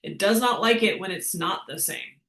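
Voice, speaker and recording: A woman's voice: mid-range voice, animated, normal speed, creaky, a bit bright, reverberant. A woman fitness coach answering questions in a live class, chatty and upbeat, laughing as she explains.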